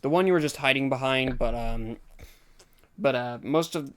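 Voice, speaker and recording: A man's voice: mid-range voice, normal speed, fairly bright tone, clean tone. A man narrating a tabletop game as game master, chuckling through loose, amused descriptions.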